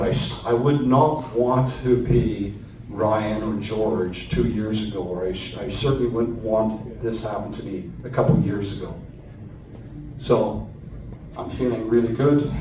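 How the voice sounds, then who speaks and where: A man's voice: on the low side, warm tone, a little hiss or hum. A man from Canada recounting his captivity to a live audience in an earnest, conversational way with frequent restarts. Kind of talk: personal storytelling talk. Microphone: phone recording from the audience. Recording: distant, echoey phone recording in a hall.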